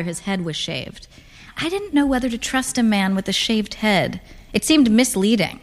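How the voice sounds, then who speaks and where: A woman narrating first-person literary fiction in a dry, deadpan manner. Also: mid-range voice. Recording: long reverb.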